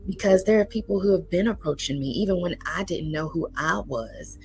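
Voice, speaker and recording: Guesting in a casual interview, a woman therapist talks earnestly and encouragingly, saying um often. Her voice is on the low side with a darkish tone and a fairly quick pace, captured in a low-quality recording with faint music beneath.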